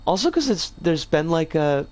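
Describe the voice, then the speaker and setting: Using playful slang, a livestreaming gamer chats and rambles casually, their voice rough and scratchy today. The delivery is sing-song and medium-pitched, at a moderate pace with a darkish tone.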